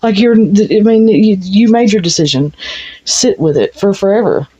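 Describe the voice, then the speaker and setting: A woman's voice: mid-range voice, moderate pace, warm tone, slightly rough. A woman giving a casual tarot reading, blunt and frank, swearing freely. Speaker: tarot reader. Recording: dull lo-fi sound.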